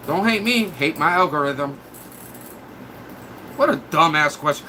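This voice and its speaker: High, bright-voiced man mocking his chat. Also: animated, a little slow, pauses often, a little hiss or hum. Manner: mocking, trash-talking; blunt, crude. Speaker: live streamer. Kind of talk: live-stream rant at chat.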